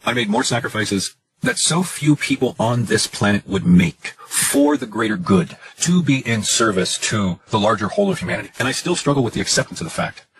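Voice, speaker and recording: A man's voice: mid-range voice, lively intonation, a little fast, breathy edge, dry recording, poor audio. A man in his late forties venting in a frustrated personal monologue, emphatic and profane, piling up lists of words. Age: 40s. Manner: emphatic, profane, repetitive listing.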